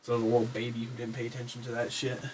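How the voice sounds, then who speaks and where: A young man rambling in a casual show-and-tell vlog, swearing a lot and getting excited as he talks. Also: medium pitch, racing, background noise. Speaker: hobby vlogger.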